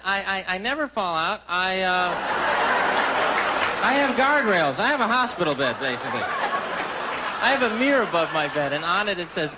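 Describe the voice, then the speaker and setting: A man doing stand-up on a live stage, conversational and self-deprecating, with quick asides to the audience. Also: on the high side. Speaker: stand-up comedian. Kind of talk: stand-up comedy. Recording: 1980s live comedy special, loud crowd laughter and noise. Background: audience laughter.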